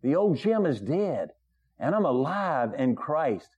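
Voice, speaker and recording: A man's voice: big pitch swings, slow, slightly rough, lo-fi sound. Man preaching, voice rising on key points. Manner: conversational preaching, swells higher and louder on key points. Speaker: pastor. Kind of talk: sermon.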